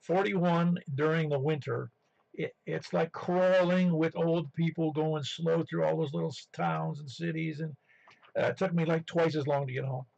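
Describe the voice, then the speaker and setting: A man's voice: on the high side, fairly even intonation, moderate pace, gravelly, a little mellow. A man from western New York chatting on a ham radio net, telling rambling stories full of restarts. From western New York, near Buffalo. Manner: rambling storyteller with many restarts. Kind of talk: casual radio chat. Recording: muffled radio audio.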